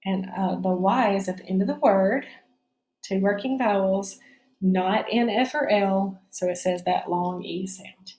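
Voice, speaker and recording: A woman's voice: medium pitch, measured pace, mellow, echoey room. A woman teaching a phonics spelling lesson, explaining each step patiently.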